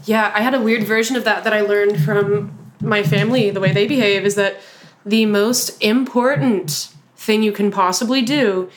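A woman's voice: mid-range voice, fairly even intonation, moderate pace. A woman with a North Louisiana accent co-hosts a casual, candid podcast. She speaks emphatically and supportively and often finishes her co-host's sentences. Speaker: podcast co-host.

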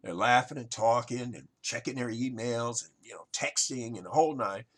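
A man's voice: mid-range voice, normal speed, fairly bright tone, slightly rough. A man hosting a marketing talk show, speaking emphatically to his listeners and piling up rhetorical questions. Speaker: podcast host. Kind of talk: motivational marketing monologue.

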